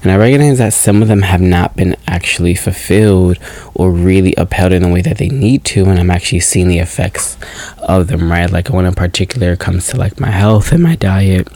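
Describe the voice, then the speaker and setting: A man's voice: deep voice, fairly quick, mellow, no echo. A man in his twenties hosting a casual solo podcast, talking in a groggy morning voice, rambling and reflective, often correcting himself. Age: 20s. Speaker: podcast host.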